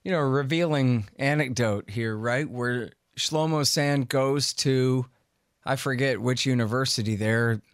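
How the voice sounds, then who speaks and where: A man's voice: mid-range voice, a little slow, no room sound, clean studio sound. A man hosting an interview, asking questions in an informal, emphatic way. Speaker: host. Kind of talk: conversational interview.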